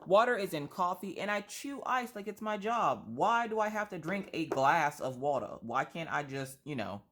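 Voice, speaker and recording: A woman with a stuffy nose chatting casually while she colors for her craft channel, complaining in an animated, exaggerated way full of rhetorical questions. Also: on the low side, moderate pace, slight background noise. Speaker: craft vlogger.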